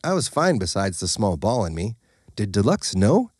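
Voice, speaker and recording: A man's voice: lowish voice, big pitch swings, normal speed, darkish tone, breathy edge, dry recording, studio quality. A man narrating a story in the first person, in a plain, matter-of-fact way. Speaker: audiobook narrator.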